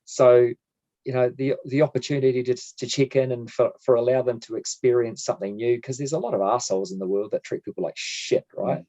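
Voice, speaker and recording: A man's voice: medium pitch, fairly even intonation, fairly quick, mellow. A man co-hosting a podcast, chatting in a reflective way, swearing casually and trailing off mid-thought. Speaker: podcast co-host.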